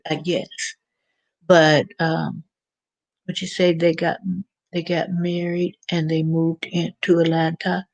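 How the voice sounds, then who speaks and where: A middle-aged woman hosting her own channel, chatting casually and rambling with many restarts. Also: fairly low pitch. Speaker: channel host. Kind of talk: casual livestream chat.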